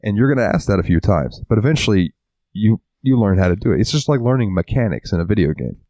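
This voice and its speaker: A man's voice: fairly low pitch, animated, fast talker, dark tone, no echo. A man co-hosting a casual podcast, rambling and swearing freely, acting out little quotes as he talks. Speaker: podcast co-host. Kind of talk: casual chat.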